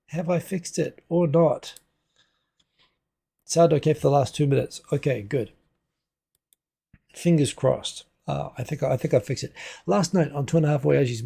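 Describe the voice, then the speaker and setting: A man's voice: medium pitch, creaky, warm tone, slightly rough. A man from New Zealand hosting a casual livestream at home on a desk microphone, chatting loosely and answering viewer comments as they come in. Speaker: livestream host. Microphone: desk USB microphone.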